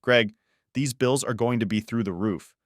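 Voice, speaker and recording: A man's voice: medium pitch, normal speed, dry recording, studio quality, close to an everyday voice. A man reading a cold, scheming stepmother. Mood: dismissive. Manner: tight, falsely sweet, calculating. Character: scheming cold stepmother, middle-aged woman.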